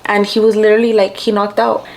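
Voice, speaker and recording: A young Mexican vlogger talks fast through a story as she gets ready, chatting and mixing Spanish with English. Her medium-pitched delivery is flat, and there's background noise.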